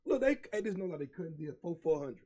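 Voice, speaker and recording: A man with an Atlanta accent, his voice sitting high for a man, tells a loose story in casual podcast chat. He is animated and laughs often, acting out his own quoted lines. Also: fast, breathy edge. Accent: Southern US, Atlanta. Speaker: podcast co-host.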